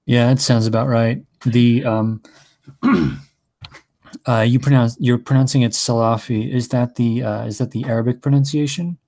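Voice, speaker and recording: A man's voice: mid-range voice, fairly even intonation, moderate pace, vocal fry, dark tone, dry recording. A man hosting a casual talk, asking curious questions and rambling with self-interruptions. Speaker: podcast host.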